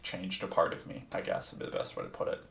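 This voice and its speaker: Telling a candid, reflective personal story on his podcast, this host swears freely as he talks in a casual first-person style. He speaks at a quick pace with a fairly bright tone. The mic is set back, giving a roomy, distant sound.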